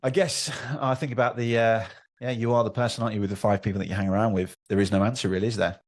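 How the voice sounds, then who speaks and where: A man hosts a podcast with a fairly low voice. He speaks earnestly about himself, often trailing off mid-thought and then starting again. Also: fairly even intonation, fast talker. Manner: earnest, self-reflective, trails off and restarts. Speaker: podcast host. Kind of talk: casual interview chat.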